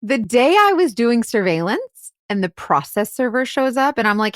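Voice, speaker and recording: A woman's voice: normal speed, no room sound, studio quality. A woman co-hosting a podcast, telling a case story in casual chat with lots of "like" and "right?". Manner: animated storyteller, acts out quotes in shrill outbursts, many "like"s and "right?"s. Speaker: podcast co-host and private investigator.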